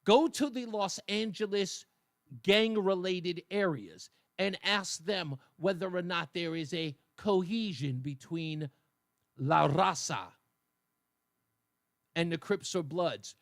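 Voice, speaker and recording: A talk radio host with a high-pitched voice delivers a slow, colloquial opinion monologue into a studio microphone, tossing in mocking asides. The recording is dry.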